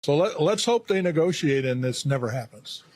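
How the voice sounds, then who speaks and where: A man who is an Air Force veteran, answering a reporter bluntly and haltingly. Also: on the high side, expressive, a little mellow, no echo. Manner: blunt, halting, restarting phrases. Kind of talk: news interview answers.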